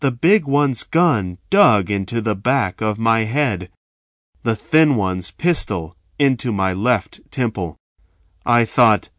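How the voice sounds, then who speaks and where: A man telling a first-person story in a slow, measured, dramatic way. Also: medium pitch, lively intonation, fairly bright tone, no echo, clean studio sound.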